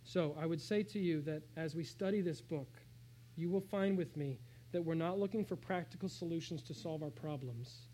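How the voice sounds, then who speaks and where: High-voiced man preaching a sermon. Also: moderate pace, a little hiss or hum, low-quality recording. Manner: dynamic preaching, swings between hushed and raised. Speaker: pastor.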